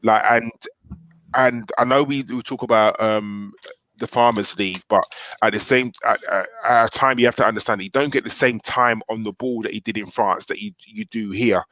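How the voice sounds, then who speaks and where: A man's voice: on the low side, fairly even intonation, normal speed, a bit bright, dry recording. A man speaking as a podcast panelist, blunt and insistent, repeating his points to drive them home. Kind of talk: casual live podcast chat.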